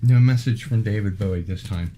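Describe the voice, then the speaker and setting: A man hosting a casual unboxing video, talking in an unhurried way with wry asides. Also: fairly low pitch, mellow, a little hiss or hum. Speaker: unboxing vlog host.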